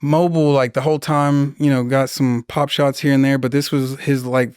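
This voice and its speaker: A young man and Marine veteran telling a war story in casual, profane talk, jumping into loud, high voices for the people in his story. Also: normal speed, clear, resonant tone, dry recording, clean studio sound. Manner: profane, animated, acts out voices in his stories.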